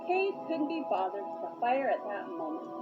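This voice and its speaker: A woman's voice: mid-range voice, big pitch swings, moderate pace. A woman reading a children's novelization aloud with expression, with occasional slips and restarts. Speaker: reader. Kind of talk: storybook read-aloud narration. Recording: dull lo-fi with loud music.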